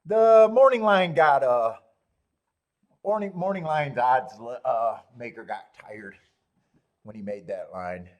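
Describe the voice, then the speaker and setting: A man's voice: mid-range voice, expressive, takes it slowly, a little mellow. A man hosting a live horse racing stream, rambling and joking while greeting viewers in chat.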